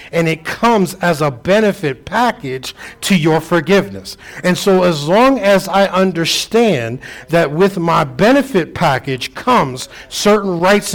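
Man preaching with rhythmic emphasis. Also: fairly high pitch. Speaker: pastor. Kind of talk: sermon.

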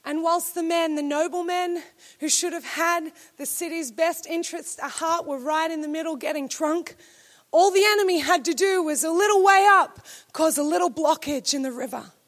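A woman preacher delivering a sermon to her church, emphatic and at times rising to shouted declarations. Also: very high-pitched, normal speed.

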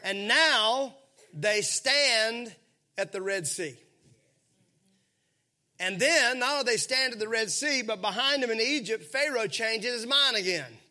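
A man preaching a sermon, animated and calling on the congregation to answer back. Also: extremely high pitch, unhurried. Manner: animated, calls for congregation responses. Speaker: pastor.

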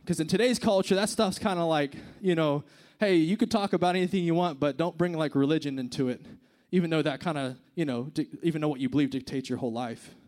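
High-voiced preacher, hushed then emphatic. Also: male voice, quick pace. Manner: conversational, swings from hushed to emphatic. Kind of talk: sermon.

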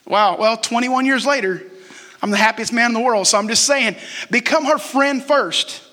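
Pastor, 40s, man, bright and forceful tone, casual sermon that quizzes the congregation. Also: very high-pitched, a little fast. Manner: conversational, asks the crowd questions and jokes. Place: church sanctuary. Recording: long hall reverb.

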